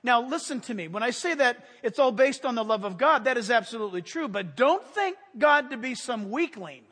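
Pastor, male, high bright voice, animated sermon delivery with shouted bursts, long hall reverb. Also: brisk. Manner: animated storytelling with sudden shouted commands.

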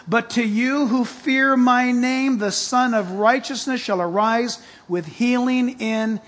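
A man preaching with a very high-pitched voice. He reads scripture aloud and builds to loud, emphatic stretches, sometimes nearly yelling at his congregation. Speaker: pastor. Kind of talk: sermon.

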